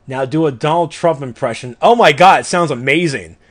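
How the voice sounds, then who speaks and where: Brief: playful male host, casual podcast banter, unhurried, laughs a lot. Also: on the high side. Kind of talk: casual chat.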